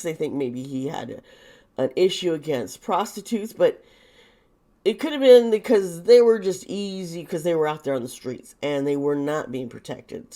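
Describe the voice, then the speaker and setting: Low-pitched and dark in tone, a woman's voice carries a casual tarot reading she hosts on video. She thinks aloud, restarts often, and comes across as somewhat nervous and uneasy.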